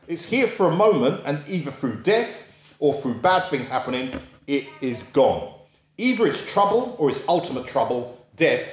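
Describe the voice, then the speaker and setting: A man preaching a sermon in a conversational storytelling way, asking rhetorical questions and acting out quoted voices. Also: echoey room. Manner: acts out quoted voices in a high pitch.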